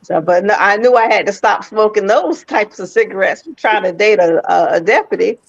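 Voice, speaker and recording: A woman's voice: medium pitch, a little fast, vocal fry, dry recording. Playful laughing woman, dry muffled sound. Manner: playful, laughing, self-mocking storyteller. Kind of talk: casual chat.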